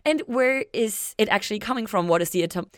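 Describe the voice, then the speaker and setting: A woman's voice: medium pitch, fast talker, dry recording, studio quality. A woman co-hosting a podcast, chatting casually and explaining word meanings step by step with playful humor. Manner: playful, nerdy, explains words methodically. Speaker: podcast co-host. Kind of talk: casual chat.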